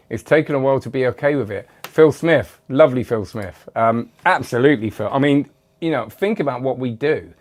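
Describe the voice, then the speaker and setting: A man hosting a magic channel, chatting casually and rambling as he reads out viewer comments, with self-deprecating asides. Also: medium pitch. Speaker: magic video host.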